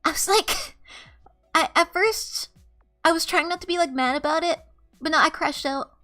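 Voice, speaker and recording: A young woman with a very high, sharply bright voice tells a story to her stream chat. She talks casually and animatedly, swears freely and laughs easily, with faint music playing underneath. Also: normal speed.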